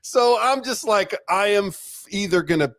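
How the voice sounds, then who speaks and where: Lively middle-aged man telling a story. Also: sits high, normal speed, dry recording, studio quality. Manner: animated, laughs often, swears freely. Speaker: interview guest, retired police detective. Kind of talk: casual storytelling interview.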